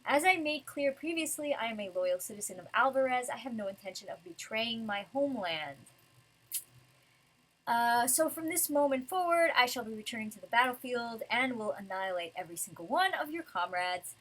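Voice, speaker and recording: A woman reading the lines of a cold, formal female enemy soldier from a manga in a flat, measured tone. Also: a little high, low-quality recording. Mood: cold resolve.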